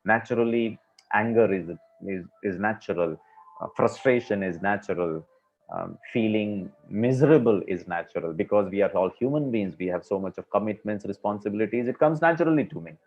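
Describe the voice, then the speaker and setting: A man's voice: on the low side, brisk. A man giving a conversational spiritual discourse to a class, using many fillers. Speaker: spiritual speaker. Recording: dull lo-fi recording.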